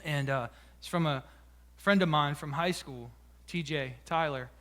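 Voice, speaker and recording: Man pastor, sermon delivery, personal and emotional, halting restarts, high tenor. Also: a bit bright. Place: church sanctuary.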